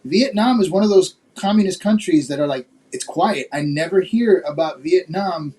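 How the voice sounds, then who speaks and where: A man's voice: high voice, lively intonation, normal speed, darkish tone. A man from Florida hosting a talk show, asking guests questions with lots of "you know" fillers. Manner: laughs often, asks questions with many fillers. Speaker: podcast host. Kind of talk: casual chat.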